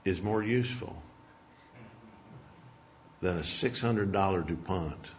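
A man's voice: low voice, slow pace, a little hiss or hum. A man preaching a sermon, telling a folksy personal story and closing in prayer. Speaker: pastor. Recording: dull lo-fi sermon recording.

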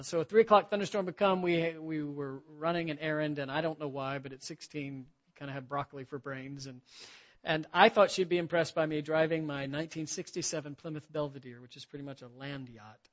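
A middle-aged man preaching to men in a church, telling self-deprecating stories with easy humor. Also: a little high. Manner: self-deprecating storytelling with frequent laughs. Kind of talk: sermon to a men's gathering. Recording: dull lo-fi recording.

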